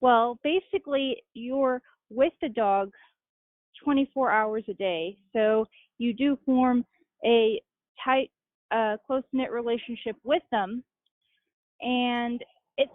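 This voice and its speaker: Higher-voiced woman on a tinny phone line. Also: takes it slowly, no echo. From Utah. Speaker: guest. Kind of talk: interview answers.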